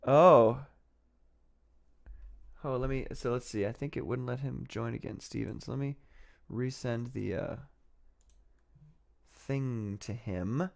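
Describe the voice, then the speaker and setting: A man's voice: medium pitch, takes it slowly, gravelly, long pauses. Sarcastic rambling male stream host. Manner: rambling, sarcastic, laughs often. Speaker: livestream host. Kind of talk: casual livestream commentary.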